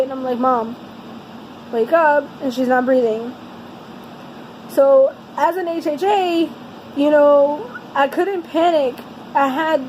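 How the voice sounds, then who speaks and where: A woman telling a personal story in a vlog, earnest and halting, often restarting her sentences. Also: high voice, a little mellow, slight background noise, rough recording. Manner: somber, heavy-hearted telling. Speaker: vlogger.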